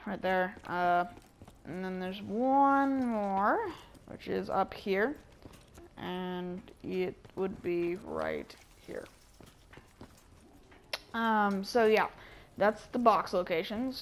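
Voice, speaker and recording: Woman, casual gameplay commentary, rambling with fillers, near monotone, mid pitch, faint background hiss. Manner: rambling, self-correcting, with many fillers; even and unhurried, near monotone. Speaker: gameplay guide narrator. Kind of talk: casual game walkthrough commentary.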